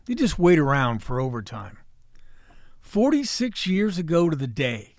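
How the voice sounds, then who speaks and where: A man in his sixties hosting a podcast, delivering a folksy, wisecracking monologue with salty language and a hoarse voice. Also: fairly high pitch, big pitch swings, unhurried, no echo, studio quality. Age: 60s. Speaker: podcast host. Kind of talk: opening monologue and casual chat.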